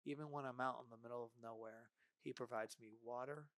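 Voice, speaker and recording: A man's voice: mid-range voice, fairly quick, no room sound. Man, casual storyteller, acts out dialogue, dry studio sound. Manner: animated, acts out dialogue, frequent "right?". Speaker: podcast guest.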